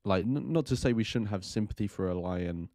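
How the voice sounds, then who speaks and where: A man's voice: fairly low pitch, brisk, a little mellow, no echo, studio quality. A man hosting a live stream, reacting to a film in rambling casual commentary full of fillers.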